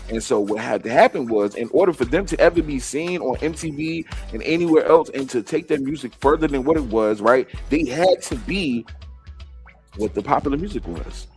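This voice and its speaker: A man's voice: medium pitch, animated, normal speed, darkish tone, faint music behind. A man hosting a live gossip stream, ranting in heated, profane commentary straight to his viewers.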